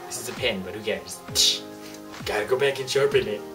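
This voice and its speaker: A young man hosting a comedic list vlog, sarcastic and animated, acting out little scenes as he goes. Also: on the low side, a little fast, recorded from a distance. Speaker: vlogger. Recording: slightly off-mic, clear background music.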